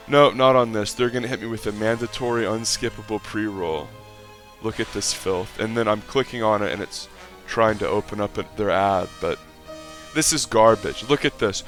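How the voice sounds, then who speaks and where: A man doing mock play-by-play commentary over a game clip and ranting in a profane, exasperated way, sometimes breaking into shouts of excitement. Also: lowish voice. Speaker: online video commentator.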